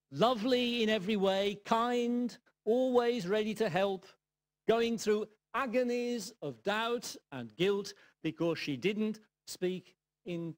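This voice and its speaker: An older Englishman, a guest preacher, tells a personal story during a sermon. His voice is high, and he speaks reflectively with dry humour and gentle asides.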